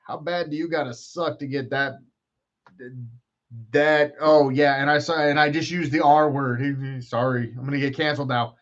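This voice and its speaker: Host: a man, slightly high voice, rambling profane banter, muffled lo-fi stream audio. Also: fairly even intonation, normal speed. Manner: profane, joking, rambling trash talk. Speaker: podcast host. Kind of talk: casual rambling live-stream chat.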